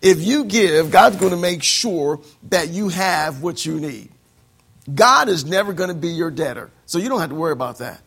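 A man with a high-pitched voice delivers an animated sermon. He drops to a quiet, fast aside, then builds up to shouted lines of scripture. He acts out the voices he quotes. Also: creaky, breathy edge. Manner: animated preaching, acting out quotes, swings from soft to shouting. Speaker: pastor.

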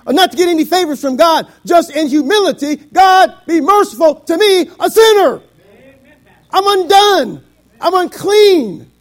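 A middle-aged man preaching a sermon, quoting scripture in old biblical wording and swinging between shouted climaxes and quiet, low passages. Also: lively intonation, measured pace. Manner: quotes scripture in King James wording.

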